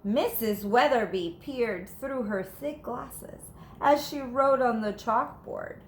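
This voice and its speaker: A woman teacher reading a children's storybook aloud in an animated, playful way. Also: on the high side, slow pace, slight background noise. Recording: echoey room.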